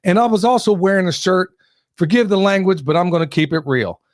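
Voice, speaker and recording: Guy hosting a podcast, kinda high voice, rambles and laughs, dry close sound. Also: fairly quick, no echo. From Western North Carolina. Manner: rambling, laughs, repeats himself. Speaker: podcast host. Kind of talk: casual interview chat.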